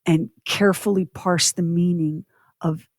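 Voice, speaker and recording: In clean, dry studio sound, a middle-aged podcast co-host shares a story from her past, earnest and reflective. Her voice is lowish and a little mellow, with fairly even intonation and an unhurried pace.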